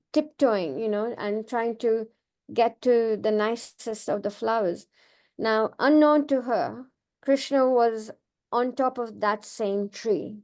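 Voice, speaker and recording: A woman giving a devotional class, telling temple stories in a gentle, meandering way with frequent restarts. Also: on the high side, gravelly. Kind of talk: informal devotional talk with slides.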